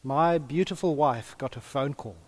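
A man's voice: medium pitch, normal speed. A man preaching a sermon, telling stories and chatting with the congregation. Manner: storytelling, animated, chatty with the congregation. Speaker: pastor.

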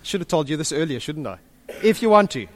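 Brief: male pastor, high voice, playful and quick with the crowd. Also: slight background noise. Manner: jokey, animated, quick asides. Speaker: pastor leading a group session. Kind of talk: interactive church teaching.

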